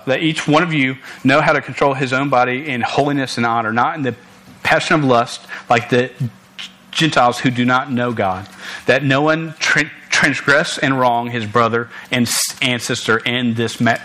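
A man's voice: mid-range voice, bright, forceful tone. A young man preaching a sermon to a congregation in a room, earnest and direct, often stumbling and restarting his words. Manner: earnest, stammering restarts, punchy asides to listeners.

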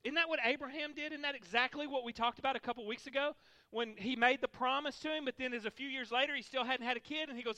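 A man's voice: very high voice, quick pace, bright, forceful tone, no room sound. A male pastor preaching a sermon, emphatic, repeating key lines for the congregation.

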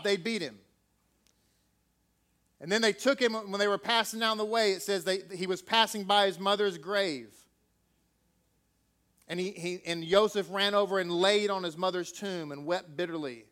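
Male preacher, high voice, emphatic, peppers the sermon with rhetorical questions. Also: normal speed, fairly bright tone.

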